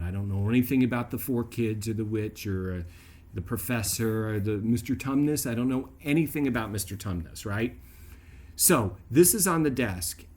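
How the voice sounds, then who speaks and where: A man hosting his own video, telling a childhood story in a chatty, animated way that turns into a faith message, often checking in with "right?". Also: medium pitch. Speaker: video host.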